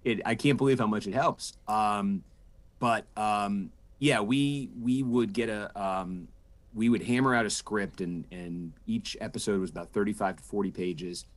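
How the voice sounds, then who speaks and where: A man's voice: fairly low pitch, a little slow. A man in his forties, a political correspondent, giving thoughtful interview answers with frequent restarts and fillers. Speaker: political correspondent and podcast host, guest.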